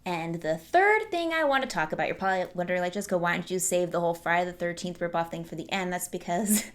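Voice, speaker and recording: Young woman ranting about a slasher movie, casual and lively, quotes the characters. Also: mid-range voice. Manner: chatty and animated, mocking characters with quoted voices. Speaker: horror movie reviewer, show host. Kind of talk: casual movie review monologue.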